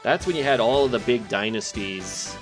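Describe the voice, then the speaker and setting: A man from Minnesota chatting casually with friends while playing a wrestling game, relaxed and full of fillers. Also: medium pitch, moderate pace, over music.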